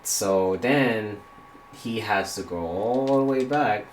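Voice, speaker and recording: A man's voice: on the low side, takes it slowly, roomy sound, slight background noise. A man streaming a game while telling a rambling story, quoting people and swearing casually.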